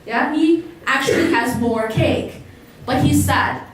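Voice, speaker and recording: A high-voiced woman takes her time as she gives an Islamic religious talk to a live crowd, posing questions to engage them. Her voice is recorded from afar in an echoey hall.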